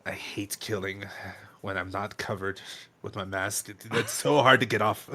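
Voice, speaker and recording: A man's voice: on the low side, steady tone, normal speed, pushed and bright. A man voicing a small male meerkat rogue in a tabletop game, in a laid-back, grumbling way close to his own voice.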